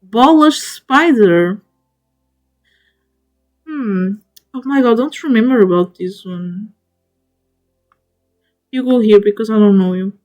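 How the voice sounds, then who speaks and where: A woman's voice: medium pitch, slow, pauses often, a little mellow, faint music behind. A woman streamer chatting casually to viewers, gushing over each animal she ranks and talking to them directly, often stopping and restarting mid-word. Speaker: streamer ranking spiders in a tier list.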